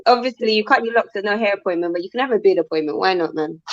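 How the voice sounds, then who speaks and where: A woman, a guest on a casual livestream. She talks in an easygoing, smooth and laid-back way. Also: mid-range voice, racing, muffled recording.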